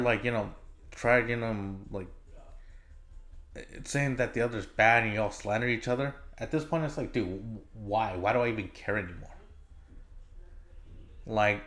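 A fed-up man with a slightly low voice rants alone into his podcast mic. He swears freely and rambles, full of fillers, false starts and trailing asides. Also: fairly bright tone. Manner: exasperated, profane, rambling with many fillers and restarts. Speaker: podcast host. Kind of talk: casual solo podcast rant.

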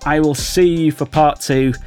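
A man hosting a podcast who is losing his voice, giving wry, animated analytical commentary. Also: a little high, moderate pace, soft background music. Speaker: podcast host.

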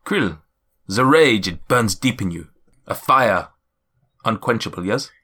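A man voicing a kindly, worried male cloud giant in a put-on German accent, speaking slowly in drawn-out, solemn pronouncements. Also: on the low side, animated, sharp tone, full character voice. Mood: probing. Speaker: game master.

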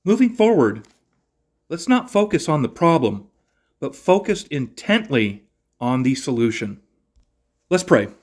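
A man reading a Bible passage aloud in a steady, measured cadence, then giving a short devotional reflection and prayer as a podcast host. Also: on the high side.

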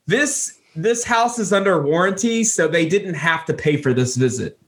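Animated young man telling a story. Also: normal speed, hardly any pauses. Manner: animated, puts on squeaky voices for animals. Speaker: podcast co-host. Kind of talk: casual storytelling chat.

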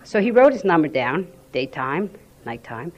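Low-voiced woman telling her story. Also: moderate pace, dull audio. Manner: animated storyteller, acting out quoted voices. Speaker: member sharing at a recovery meeting. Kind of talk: personal recovery testimony.

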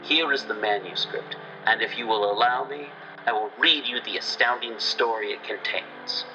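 A man's voice: medium pitch, moderate pace, distant mic, muffled recording, over music. A man reading a horror story aloud with dramatic narration. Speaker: reader.

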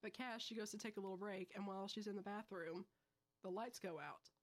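A young woman hosts a casual podcast, telling a film's plot in a breezy, quick way. She tosses in slangy asides as she goes. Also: mid-range voice. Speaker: podcast host. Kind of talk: casual film review chat.

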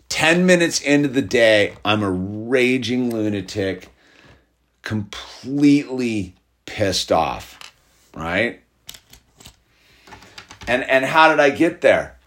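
Slow-talking man in a heated ramble. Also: medium pitch. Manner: rambling, heated, with many "like" and "dude". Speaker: podcast host. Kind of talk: casual spiritual monologue.

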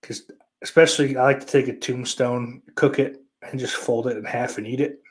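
A man's voice: mid-range voice, steady tone, moderate pace. Crude sarcastic man chatting to viewers. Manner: crude, sarcastic, rambling with frequent swearing. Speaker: live stream host reading chat. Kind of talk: casual profane chat.

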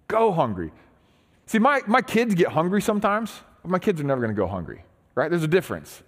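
A man's voice: high voice, sing-song, fast talker. A man preaching a sermon as pastor, retelling a story in casual, conversational terms with frequent restarts. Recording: long hall reverb.

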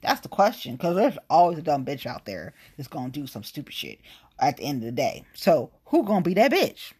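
A young woman from the United States speaks in a blunt, profane rant that keeps spilling into asides. Her voice is a little husky and sits somewhat low. Her pitch swings widely as she talks. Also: very animated, brisk, darkish tone. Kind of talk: casual political rant.

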